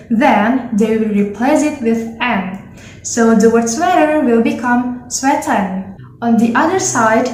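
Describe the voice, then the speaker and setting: A woman's voice: a little high, darkish tone. A young woman from Indonesia, a student giving a careful, explanatory class presentation on pronunciation. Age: young adult. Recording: echoey room.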